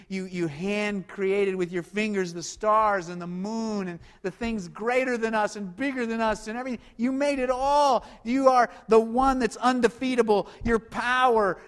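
A man preaching a sermon, building emphasis and asking the listeners rhetorical questions. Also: high voice. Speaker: pastor. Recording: long hall reverb.

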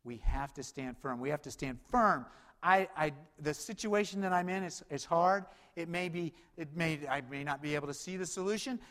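Male pastor, high voice, animated sermon delivery that rises loud and drops quiet, long hall echo. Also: moderate pace. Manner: animated, swings between loud urgency and low quiet emphasis.

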